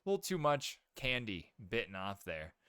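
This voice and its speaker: A man with a lowish, smooth and bright voice talks on a podcast. He is laid-back and slangy, and his talk is full of "bro" and "man". The sound is dry and close. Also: sing-song, moderate pace, no echo. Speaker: podcast co-host. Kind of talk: casual chat.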